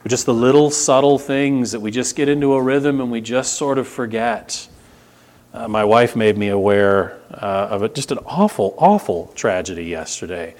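A middle-aged pastor giving a sermon in a church, conversational and repetitive, swinging between loud emphasis and hushed intensity. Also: male voice, on the low side. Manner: repeats words, frequent restarts and asides to the congregation.

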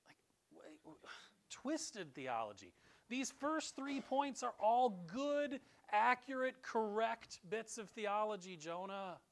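A man's voice: high voice, slow. A middle-aged man preaching a conversational sermon to his congregation in a church, quoting scripture with feeling. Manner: animated, conversational preaching, quotes scripture in a raised voice. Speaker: pastor. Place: church sanctuary.

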